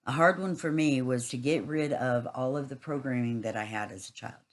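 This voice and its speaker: A woman's voice: a bass voice, moderate pace, low-quality recording. A woman giving a rambling, casual spiritual monologue, earthy and swearing freely.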